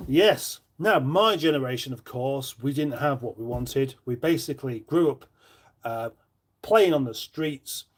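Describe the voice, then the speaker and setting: A man's voice: mid-range voice, measured pace. A middle-aged man hosts a casual live stream from his kitchen, reading out viewer comments with rambling, dry, self-mocking banter. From northern England. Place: home kitchen.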